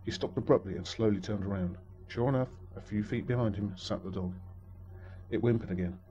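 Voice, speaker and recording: Speaking quickly, a man tells a story with a dry, wry sense of humor in a low, dark voice. The audio comes across dull and muffled, with a bit of background noise.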